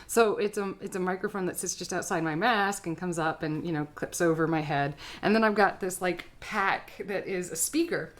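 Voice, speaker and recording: A woman's voice: mid-range voice, moderate pace. A woman art teacher giving a casual live-stream craft tutorial, chatty and rambling with frequent filler words.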